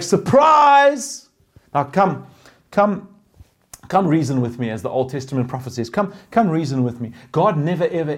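A man preaching a sermon as pastor, animated, swinging between loud emphatic lines and hushed pastoral ones. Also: fairly high pitch.

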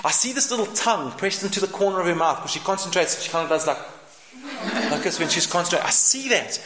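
A man preaching a sermon in an animated, humorous way, acting out the voices in the scripture. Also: high-pitched, fast. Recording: echoey room with background noise.

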